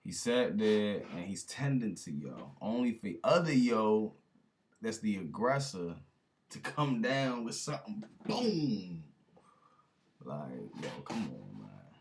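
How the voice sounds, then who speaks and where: A man with a fairly low voice talks through a clip he is reacting to, his pitch leaping up and down as he goes. He sounds incredulous and casual, laughing and addressing his viewers in slang. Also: very animated, slow, slight background noise. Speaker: reaction video host.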